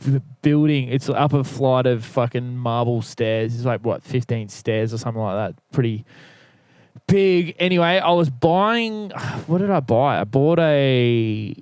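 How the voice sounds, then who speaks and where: A man's voice: medium pitch, expressive, unhurried, a little mellow, smooth, dry recording. Rambling man telling a story. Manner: rambling storyteller, swears freely, acts out quotes. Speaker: podcast co-host. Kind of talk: casual chat.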